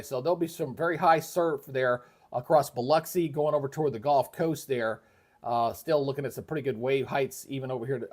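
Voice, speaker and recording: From his home setup, a man hosts a live weather broadcast in a loose, folksy ramble, restarting often and leaning on fillers. The voice sits at medium pitch with a darkish color, and he hops between mics and moves away from them.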